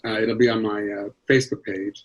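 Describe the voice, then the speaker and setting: A middle-aged man from Los Angeles, a comedian telling stories in a lively, animated way on a video call. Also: lowish voice, brisk, highs cut off. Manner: animated, jumps into character voices and accents. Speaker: guest comedian. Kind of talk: casual storytelling chat.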